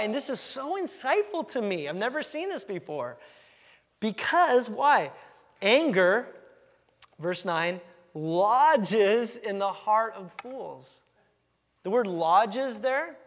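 A man preaching a sermon as pastor, lively and acting out quoted thoughts with big jumps in voice. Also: long reverb tail. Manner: animated, acts out quotes with big pitch jumps.

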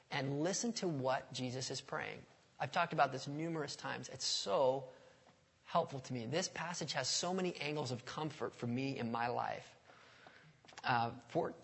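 A pastor delivers a conversational sermon, frequently asking the congregation questions. His medium-pitched voice is creaky and slightly rough, and the long reverb of a large hall surrounds it.

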